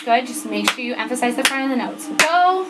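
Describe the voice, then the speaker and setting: A fairly high-voiced woman runs a band rehearsal, counting off and steering her students with steady directions. Band music plays clearly behind her in the rehearsal room. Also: fast, poor audio. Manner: directive, counts off tempo, checks in with "okay?". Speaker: band teacher. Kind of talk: rehearsal instruction. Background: student band playing.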